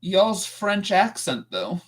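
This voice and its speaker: Deadpan male co-host chatting. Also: high voice, slow. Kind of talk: casual live-stream chat.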